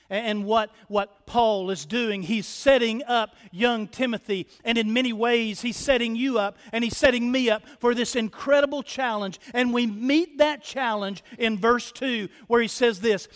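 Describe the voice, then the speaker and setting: A man's voice: extremely high pitch, unhurried, hardly any pauses. A male pastor preaching a sermon from the pulpit, emphatic, repeating key phrases and speaking straight to the congregation. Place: church sanctuary. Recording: long church reverb.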